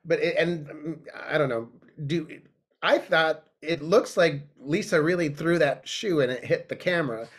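A man's voice: fairly high pitch, normal speed, husky. A man in a casual podcast chat, musing and a little hesitant. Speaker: podcast co-host.

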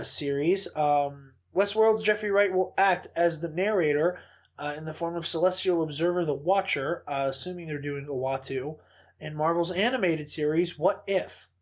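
High-voiced man, animated podcast host. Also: unhurried. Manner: animated, swearing storyteller. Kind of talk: casual chat.

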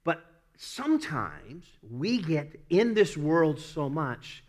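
A man's voice: on the high side, big pitch swings, slow pace. Southern-accented man preaching a sermon. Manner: earnest preaching with self-deprecating laughs and repeated phrases. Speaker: pastor.

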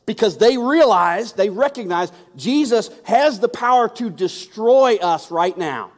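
A man's voice: high voice, expressive, measured pace. A male pastor preaching a sermon in a conversational way, often repeating words for emphasis. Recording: long hall reverb.

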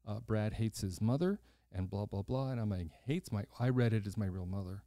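Mellow-voiced older man telling a story. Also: lowish voice, a little fast, no room sound, clean studio sound. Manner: animated storyteller who acts out quoted voices, blunt and swears casually. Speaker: podcast host. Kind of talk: casual storytelling conversation.

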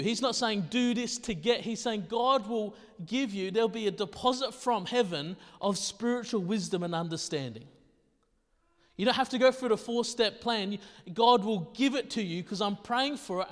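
A male pastor with a high voice delivers a conversational sermon packed with rhetorical questions. The recording was made in a hall with long reverb.

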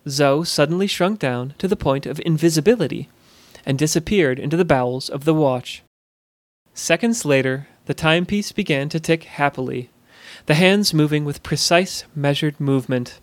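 A man narrating a fantasy storybook in a measured, even storytelling manner. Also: fairly high pitch, no room sound. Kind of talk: scripted narration.

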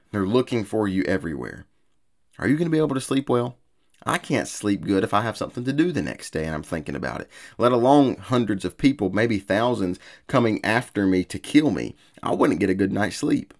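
Gravelly-voiced man preaching earnestly. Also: lowish voice. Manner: earnest, repetitive preaching cadence. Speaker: pastor. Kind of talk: sermon.

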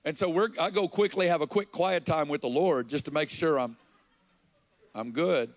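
Casting: man, preacher, earnest storyteller, fairly high voice, dry close sound. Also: no echo. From Arkansas, USA. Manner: earnest, slow and halting, with quoted dialogue. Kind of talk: sermon storytelling.

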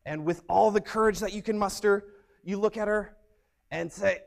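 A young man preaching as a youth pastor, telling stories in an upbeat, energetic way. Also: high-pitched, normal speed, gravelly. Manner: upbeat, energetic, animated storyteller. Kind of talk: youth sermon with storytelling.

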